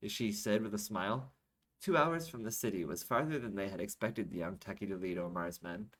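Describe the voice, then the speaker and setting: A low-voiced man reads his own novel aloud, worn out after a night without sleep. He narrates steadily but breaks off now and then to correct himself or make a quick aside. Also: expressive, fairly bright tone, rough recording. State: tired from being up all night. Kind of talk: audiobook-style reading of a serialized novel.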